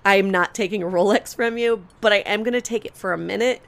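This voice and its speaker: A woman's voice: mid-range voice, a little fast, vocal fry, fairly bright tone. A young adult woman co-hosting a podcast, telling a long story in casual chat, acting out quotes and swearing freely. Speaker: podcast co-host.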